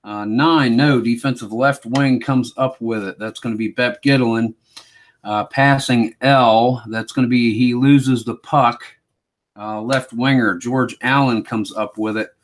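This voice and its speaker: Man, slow-talking, mid-pitched voice, tabletop hockey play-by-play, relaxed, self-mocking. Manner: relaxed, self-mocking, calls the action like a sportscaster. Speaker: board game player and host.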